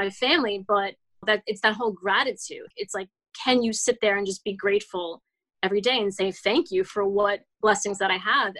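A woman's voice: mid-range voice, pushed and bright, low-quality recording. A woman in her forties, a children's author, telling her story as an interview guest in a casual, earnest way, with many restarts and "like" fillers. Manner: rambling, frequent "like" fillers and restarts.

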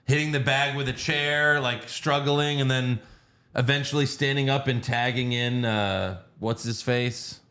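A man co-hosting a casual podcast, recapping wrestling shows in an animated, joking way. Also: mid-range voice, unhurried. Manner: animated storytelling, laughs often. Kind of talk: casual chat.

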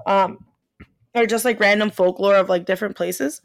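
A woman's voice: medium pitch, moderate pace, creaky, dry recording. Dry, filler-heavy young woman storyteller. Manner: animated, swears a lot, many fillers, laughs while telling. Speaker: podcast co-host. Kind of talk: casual chat storytelling.

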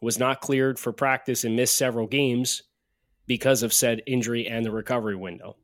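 A man's voice: medium pitch, fairly even intonation, brisk, no echo, clean studio sound. Ranting male sports podcast co-host. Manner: ranting, jokey. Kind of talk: casual sports chat.

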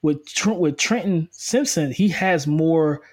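A man co-hosting a casual sports podcast, giving energetic, quick football breakdowns with frequent restarts. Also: a little high. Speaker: co-host, football analyst. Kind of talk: casual sports analysis chat.

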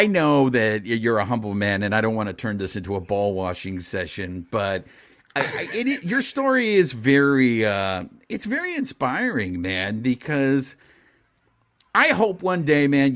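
A man hosts a podcast in casual conversation, with a bright, forward tone. His pitch moves a lot as he talks, and he sounds earnest and encouraging while he praises his guest. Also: big pitch swings, a little slow. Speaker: podcast host.

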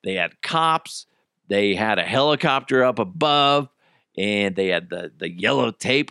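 Bright, lively-voiced man hosting a podcast. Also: mid-range voice, a little slow, clean tone, dry recording, studio quality. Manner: crude, joking, animated storytelling. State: hiccuping. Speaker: podcast host. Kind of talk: casual solo podcast monologue.

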